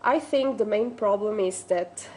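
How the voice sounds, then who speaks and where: Woman guest, halting English. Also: medium pitch, darkish tone. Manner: halting, non-native phrasing with nervous laughs. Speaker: studio guest researcher. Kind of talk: TV interview answers.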